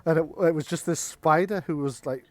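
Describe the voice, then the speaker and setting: Relaxed man running a game. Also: fairly high pitch, brisk, no room sound, soft background music. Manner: relaxed, chatty, tells side stories. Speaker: game master. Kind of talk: running a tabletop game over a call.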